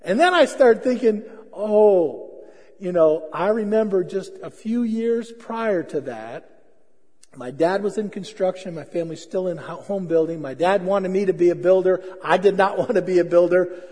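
A man's voice: high voice, normal speed, warm tone, in a large hall. A man preaching a sermon as pastor, telling stories in a conversational, self-deprecating way. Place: church hall.

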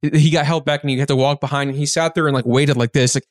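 A man with a voice pitched a little above most men's tells a story on a podcast. He rambles along, stuffing in fillers and starting over mid-sentence. It is recorded close on a mic in a dry, dead room. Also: fast talker, no echo. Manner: rambling, filler-heavy, animated retelling. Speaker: podcast guest. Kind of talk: casual storytelling.

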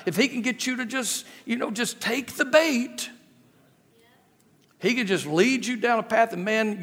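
In a church sanctuary with long, echoing reverb, a middle-aged guest preacher gives a sermon full of humorous anecdotes, repeated phrases and rhetorical questions. His voice sits high and carries a fairly bright tone.

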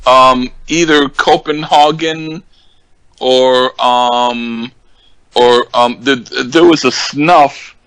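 An older man chats slowly and haltingly, stopping often on ums and starting his sentences over. His voice is dry and close, with almost no room sound around it. He speaks at an unhurried, plodding pace throughout. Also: mid-range voice, steady tone, a bit bright, clear, resonant tone, dry recording, low-quality recording. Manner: halting, many ums and restarts. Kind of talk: casual chat.

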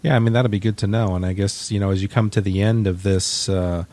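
A man with a slightly low voice co-hosts a casual podcast. He talks in a relaxed, joking way and rambles a little, with plenty of fillers. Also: a little fast, no room sound. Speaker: podcast co-host.

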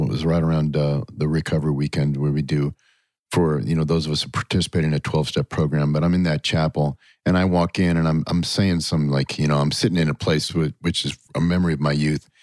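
Deep-voiced casual host, friendly, dry close mic. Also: male voice, dry recording. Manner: friendly, conversational, uses "you know" and "dude". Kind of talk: casual podcast conversation.

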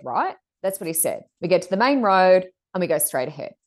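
A middle-aged woman co-hosting a podcast, telling stories in a chatty, animated way and acting out other people's lines. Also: lowish voice, normal speed. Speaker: podcast co-host. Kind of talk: casual storytelling chat.

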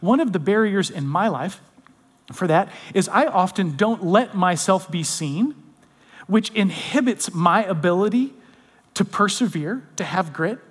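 A man with a high voice delivers a conversational sermon as a pastor. He often drops to soft, intimate tones. His voice rings with a long hall reverb. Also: animated, measured pace, breathy edge.

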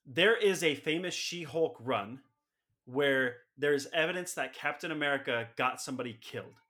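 A man's voice: a little high, moderate pace, pushed and bright. A man co-hosting a podcast, enthusiastically explaining comic-book storylines in casual chat. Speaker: podcast co-host.

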